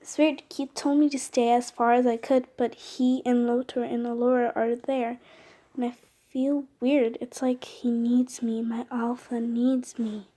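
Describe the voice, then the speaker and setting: A woman voicing a devoted, anxious young man in a fan audio drama, who speaks in a soft, earnest, worried way. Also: on the high side, flat delivery, unhurried.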